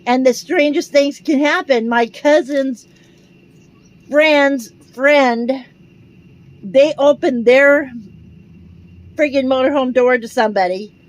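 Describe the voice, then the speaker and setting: High-voiced older woman telling a story. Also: slow, pauses often, rough recording. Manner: rambling, animated, retells dialogue. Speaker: vlogger. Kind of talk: casual storytelling to camera.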